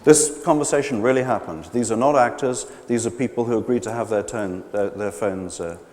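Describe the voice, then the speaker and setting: A man giving a live public lecture, animated and hesitant, with many fillers and restarts. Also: fairly low pitch, a little fast, a little hiss or hum. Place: large gallery pavilion. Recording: long hall reverb.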